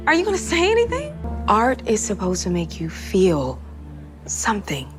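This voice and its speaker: A woman's voice: medium pitch, wildly swooping pitch, moderate pace. An actress playing a scolding, disapproving female art teacher. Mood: stern. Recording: music under the dialogue.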